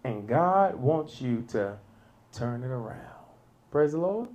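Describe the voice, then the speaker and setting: A man preaching a sermon at an unhurried pace. His pitch swings widely, and he chuckles between points before jumping to loud peaks on the key lines. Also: very animated.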